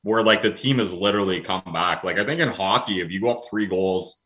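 A man's voice: low voice, a little fast, bright, forceful tone, husky. A man co-hosting a sports podcast, chatting in an easygoing, joking way with slangy phrasing. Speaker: podcast co-host. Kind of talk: casual sports podcast chat.

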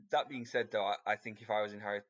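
A man's voice: on the low side, fairly bright tone, highs cut off. A man co-hosting a podcast, chatting about a book with frequent stammered restarts. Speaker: podcast co-host. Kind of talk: casual book discussion.

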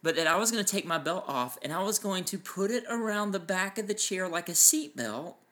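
A man with a bright, forceful voice chats on a podcast, telling family stories with plenty of energy. He acts out the voices of the people in his stories and laughs often. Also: high voice, lively intonation, brisk. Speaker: podcast co-host, preacher. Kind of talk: casual chat.

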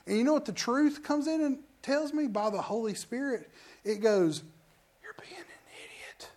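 A man's voice: very high voice, normal speed, a little mellow. A middle-aged male pastor giving a sermon, telling personal stories and acting out the lines of each person in them with emphasis. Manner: storytelling with acted-out quotes, emphatic.

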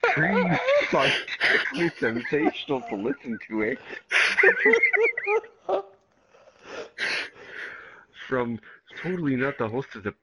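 A man's voice: mid-range voice, expressive, moderate pace, noisy background, pitched above the performer's own voice, close to an everyday voice. A man putting on a lisping Canadian voice, reading a fan review aloud with exaggerated "eh"s. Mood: hammy. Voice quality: lisp. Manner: exaggerated, tacks on "eh".

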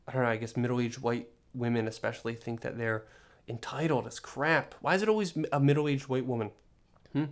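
A young man hosting a solo podcast, rambling in an exasperated, joking rant with many restarts. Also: medium pitch. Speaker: podcast host.

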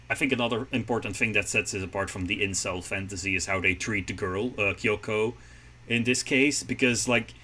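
A man co-hosting a casual anime podcast, recapping episodes in a relaxed, thoughtful way. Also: on the low side. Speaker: podcast co-host. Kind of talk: casual chat about anime.

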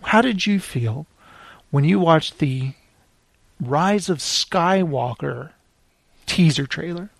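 A man hosting a casual podcast chat about films, telling stories in an excitable, animated way. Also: fairly high pitch, slow, gravelly, pauses often, no room sound, clean studio sound. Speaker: podcast host.

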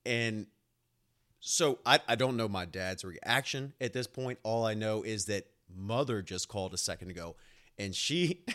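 A young man who works as a nurse hosts his own podcast, rambling casually through a personal story in a lowish voice. He's animated and swears freely, with plenty of "like" and "uh."

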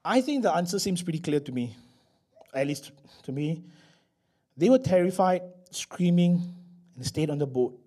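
A man preaches a sermon from the pulpit. His voice sits high for a man. He swings from loud, stressed declarations down to quiet, hushed asides. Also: expressive, moderate pace, pauses often. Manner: emphatic, rising and dropping between loud declarations and hushed asides. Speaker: pastor.

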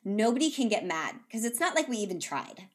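A woman's voice: mid-range voice, sing-song, a little fast. A woman co-hosting a podcast in casual chat, jokey and swearing casually. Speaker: podcast co-host.

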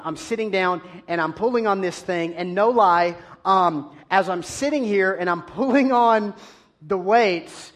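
High-voiced man telling a sermon story. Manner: animated self-deprecating storytelling. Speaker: preacher.

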